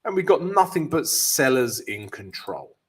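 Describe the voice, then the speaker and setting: A man's voice: mid-range voice, very animated, a little slow, slightly rough. A British man hosting a live trading stream, greeting viewers by name in a chatty, upbeat way and walking through chart analysis with frequent fillers. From Britain.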